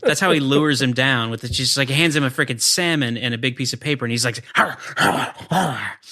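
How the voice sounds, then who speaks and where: A man's voice: mid-range voice, fast talker, pushed and bright. A married man co-hosting a casual movie podcast, making dry jokes and mocking the scenes. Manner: dry joking, mocking retellings. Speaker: podcast co-host.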